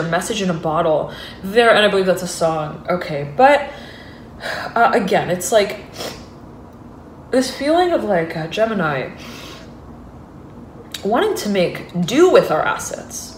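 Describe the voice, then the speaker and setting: A woman's voice: lowish voice, reverberant, a little hiss or hum. A woman giving an intuitive tarot reading. She rambles and hesitates, restarts her sentences and fills them with fillers, and she laughs often and gets giddy. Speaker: tarot reader.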